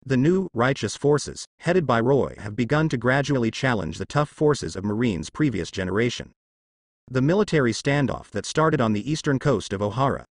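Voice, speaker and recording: A man narrating fan fiction as an audiobook in a steady storytelling manner. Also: mid-range voice, normal speed, no room sound, clean studio sound.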